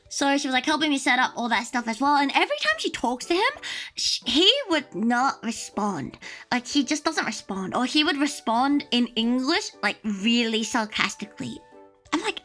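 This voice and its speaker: Lively high-voiced young woman. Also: brisk, soft background music. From Australia. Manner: animated, exclamatory, many fillers and bursts of laughter. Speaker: livestream host. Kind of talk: casual storytelling chat on a livestream.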